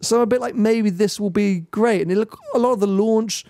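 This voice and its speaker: A man co-hosting a casual car podcast, enthusiastic and quick to laugh. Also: sits high, steady tone, mellow, no echo, clean studio sound. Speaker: podcast co-host. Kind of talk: casual chat.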